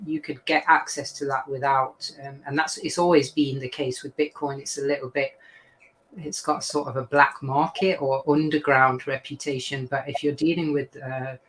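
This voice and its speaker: Brief: man with a mid-range voice, calm explainer, faint background noise. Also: mid-range voice, rough recording. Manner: measured, explanatory. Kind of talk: casual podcast discussion.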